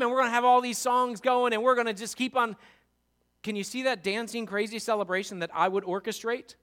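Brief: male pastor giving a sermon, high and bright, lively delivery that drops to quiet emphasis. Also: fairly quick. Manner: animated, swings from loud storytelling to hushed emphasis.

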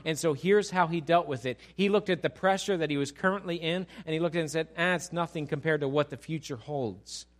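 A man preaching a sermon with a somewhat high voice. He asks the congregation questions and builds to emphatic, animated peaks. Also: a little fast, few pauses. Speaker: pastor.

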